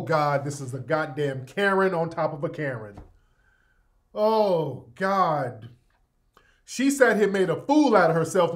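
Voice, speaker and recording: Male host, sarcastic commentary, mocking and exasperated, unhurried pace. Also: a little high. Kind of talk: sarcastic talk-show commentary.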